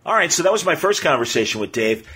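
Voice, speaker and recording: A man hosting a podcast, telling stories in a casual, animated way with lots of fillers. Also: a little high, quick pace, breathy edge. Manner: animated, excitable storyteller with many fillers. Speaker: podcast host.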